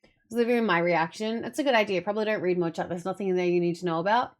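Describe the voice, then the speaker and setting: A woman's voice: on the low side, steady tone, very fast. A young adult woman streamer chatting casually with her viewers, telling a long, emotional story in a rambling way.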